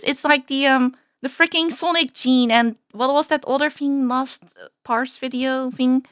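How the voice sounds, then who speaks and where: A woman VTuber reacts to a video in casual chat, her voice high and bouncing all over. She drawls her words at an unhurried pace, breaks into giggles and keeps apologizing. The sound is close and dry, with no room at all. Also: very animated, fairly bright tone, no room sound.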